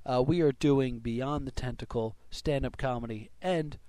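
A man's voice: medium pitch, normal speed, warm tone, dry recording. A man hosting a comedy podcast, reading plugs in a jokey, rambling way and correcting himself. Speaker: podcast host. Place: live show with audience.

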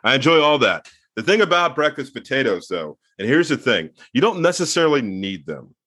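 A man's voice: mid-range voice, big pitch swings, fairly quick, sharp tone, slightly rough. A man co-hosts a casual comedy podcast, building playful, mock-serious riffs. His voice sits in a middle register. The sound is dry and close, with no room echo. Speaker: podcast co-host.

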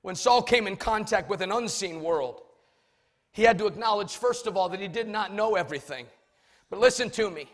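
A man preaching a sermon, swinging from loud shouts to soft asides. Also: high-pitched, lively intonation, a little fast.

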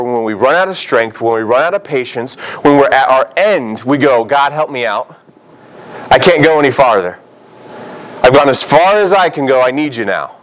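Animated male pastor preaching. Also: medium pitch, slight background noise, rough recording. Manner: animated preaching with rhetorical questions. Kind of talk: sermon.

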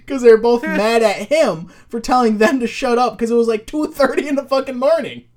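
Speaking at a moderate pace in a very high voice, this podcast co-host chats casually into his podcast mic. He spins loose, profane stories as he goes.

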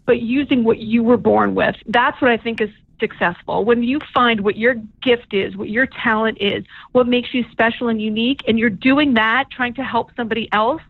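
A woman with a high, bright-sounding voice talks candidly and laughs easily as an interview guest. She is calling in, so her voice comes through a tinny, dry phone line with no room sound. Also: fairly even intonation, moderate pace, gravelly, few pauses, breathy edge, dry recording. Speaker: podcast guest. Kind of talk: casual interview chat.

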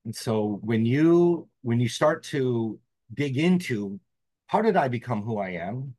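A man's voice: mid-range voice, animated, a little slow, a little mellow, no echo. A man, a podcast guest telling a personal story in an earnest, reflective way. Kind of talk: storytelling interview.

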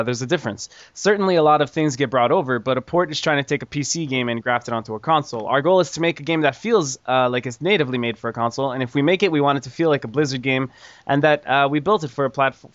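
A man hosting a casual gaming podcast, reading news in a relaxed way with many fillers and the odd swear. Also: medium pitch, quick pace, no echo. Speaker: podcast host. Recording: dull lo-fi audio.

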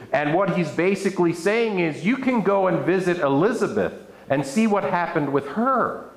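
A man preaches a sermon, reading scripture and breaking into playful asides. His voice sits a little high and swings widely in pitch. The sound carries the echo of the room he speaks in. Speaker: pastor. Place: church room with an audience. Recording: echoey room.

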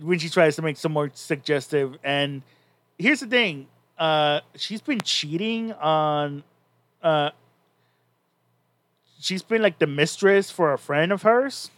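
A man's voice: a little high, animated, slow, a bit bright. A man co-hosting a podcast, casually recapping a story in a rambling way with many restarts. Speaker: podcast co-host.

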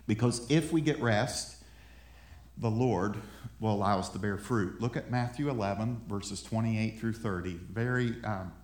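A man's voice: on the low side, measured pace. Conversational man preaching in an echoey room. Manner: conversational, repeats words, varies loudness. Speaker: pastor. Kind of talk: sermon. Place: room with an audience.

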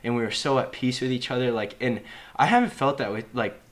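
Casting: young male podcast co-host, mid-pitched, earnest, rambling, laid-back. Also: fairly quick. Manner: earnest, rambling, says "like" and "bro" often. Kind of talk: casual podcast chat.

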